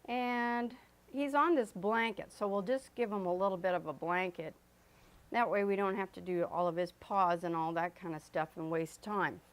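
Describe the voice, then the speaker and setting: A woman's voice: mid-range voice, steady tone, moderate pace. A woman teaching an oil painting lesson as she paints, chatty and loose, with fillers and self-corrections. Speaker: art instructor. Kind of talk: painting demonstration.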